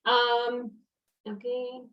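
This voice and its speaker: A woman hosting an online webinar in a chatty, casual way, laughing often and filling pauses with "okay" and "you know". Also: fairly high pitch, little pitch movement. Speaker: webinar host. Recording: dull, distant webinar audio.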